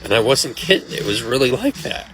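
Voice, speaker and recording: A man's voice: mid-range voice, sing-song, brisk, low-quality recording. A man on a late-night livestream, exhausted and emotional, talking in a weary, rambling way from a restaurant. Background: loud music from a nearby speaker.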